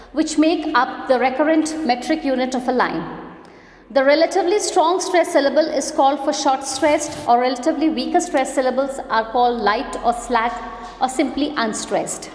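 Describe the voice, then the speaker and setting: A woman with an Indian English accent, a college lecturer slowly reading out definitions of literary terms. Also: sits high. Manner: slow, deliberate, definitional delivery. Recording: echoey classroom with long reverb.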